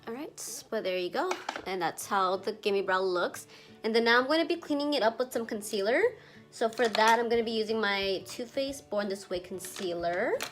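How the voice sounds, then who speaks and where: A woman's voice: medium pitch, normal speed, over music. A young woman doing a chatty makeup tutorial, a little congested from allergies, with lots of filler words and some casual swearing. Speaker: beauty vlogger.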